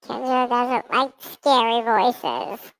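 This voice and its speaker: A woman's voice: a little high, slow, a bit bright. A woman vlogger in playful, giggly casual chat, trying out funny voices. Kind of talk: silly casual chat with impressions.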